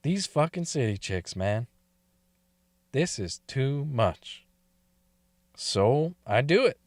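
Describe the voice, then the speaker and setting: A man's voice: mid-range voice, sing-song, takes it slowly, dry recording. A man telling a crude first-person story, swearing and laughing often. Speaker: story reader.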